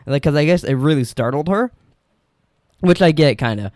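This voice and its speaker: A man's voice: fairly high pitch, animated, normal speed, darkish tone, no echo, studio quality. A young man co-hosting a podcast, telling rambling stories with restarts and casual swearing. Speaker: podcast co-host.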